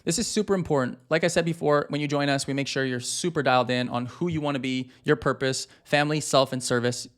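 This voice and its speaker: A man's voice: medium pitch, steady tone, fast, few pauses. A man in his thirties, a marriage coach, giving a direct and emphatic talk to husbands with frequent fillers.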